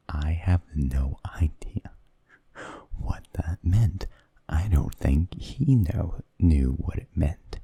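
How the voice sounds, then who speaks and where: A man telling rambling stories in a soft-spoken ASMR style, hesitant and often slipping into whispers close to the mic. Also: a bass voice, animated, slow, creaky, breathy edge, dry recording. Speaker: ASMR creator.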